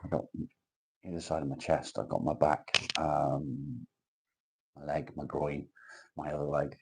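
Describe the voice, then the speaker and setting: A man's voice: extremely low pitch, fairly even intonation, measured pace, vocal fry, heavy background noise. A man hosting a casual livestream, reading viewer comments aloud and bantering crudely. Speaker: livestream host.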